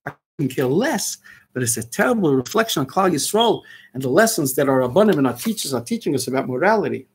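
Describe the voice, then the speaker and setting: A man's voice: on the high side, big pitch swings, fast, breathy edge. An older man hosting a radio show, delivering an impassioned, frustrated monologue sprinkled with Yiddish and Hebrew words. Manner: ranting, frustrated, peppered with Yiddish and Hebrew terms.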